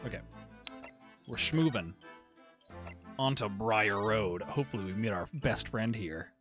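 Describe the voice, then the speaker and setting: A man's voice: on the low side, moderate pace, pushed and bright, faint music behind. A man streaming a game, making joking, profane asides between reading lines. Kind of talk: casual let's-play commentary.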